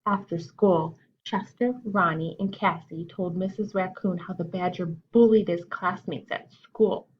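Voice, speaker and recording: A woman's voice: lowish voice, fairly even intonation, measured pace, few pauses, breathy edge, dull audio. A woman teacher reading a children's picture book aloud, asking the children questions and explaining words as she goes. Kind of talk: children's storytime read-aloud.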